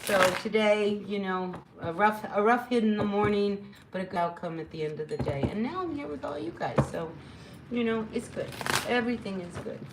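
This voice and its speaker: A woman's voice: mid-range voice, brisk, heavy background noise. Woman doing a tarot reading, rambly and chatty, lots of um and you know, medium voice. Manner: chatty, rambling, encouraging, with frequent fillers. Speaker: tarot reader. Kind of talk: casual spoken tarot reading.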